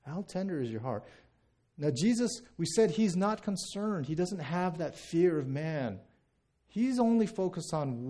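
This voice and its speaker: A man's voice: a little high, very animated, measured pace, warm tone. A man in his thirties, a pastor from the United States, preaching a sermon in a conversational way, often repeating words and checking in with "right?".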